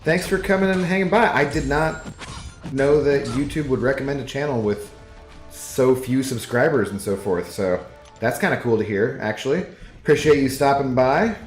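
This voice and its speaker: Speaking at a normal speed in a medium-pitched voice, a man streams a game from his apartment's living room. He chats casually and rambles, reading viewer messages aloud, and the audio has a roomy echo with faint music behind it.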